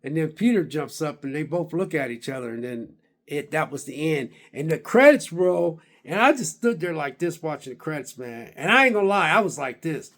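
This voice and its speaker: Rambling, excited higher-voiced man. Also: normal speed. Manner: rambling storyteller with many fillers and restarts; excited and emphatic about finishing. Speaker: gaming vlogger. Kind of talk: casual game recap.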